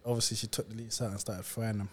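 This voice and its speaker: A man's voice: fairly low pitch, quick pace, slightly rough. A young man, telling a story in a casual podcast chat and laughing as he goes. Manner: animated, laughing storyteller using slang. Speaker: podcast co-host.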